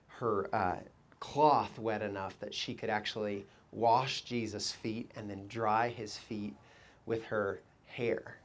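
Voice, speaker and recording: A man preaching a sermon as pastor, telling stories with lively quoted voices and asking the congregation reflective questions. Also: medium pitch. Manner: animated storytelling, quoting people in raised voices.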